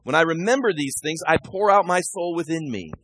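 A male pastor preaching a sermon, shifting between quiet asides and loud, emphatic readings of scripture. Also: a little high, expressive, a little fast, husky.

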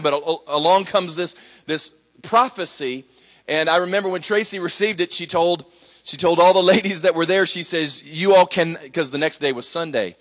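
A man's voice: fairly high pitch, fairly bright tone, big-room sound. A middle-aged man, a pastor, telling a personal story in a sermon, conversational with fillers and restarts. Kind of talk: sermon testimony.

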